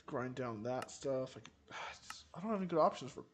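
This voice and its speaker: A man talking through a game stream in a mid-pitched voice, thinking aloud and cutting words short. Clear noise sits behind him, and he rambles from one small task to the next. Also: lively intonation, normal speed. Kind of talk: casual gameplay commentary. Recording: noisy game stream audio.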